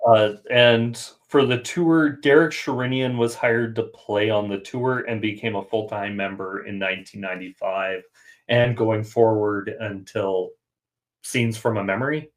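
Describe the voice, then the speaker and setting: A man's voice: lowish voice, fairly even intonation, a little slow. A man hosting a music podcast, chatting casually and thinking aloud with fillers. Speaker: podcast host. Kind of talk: casual chat.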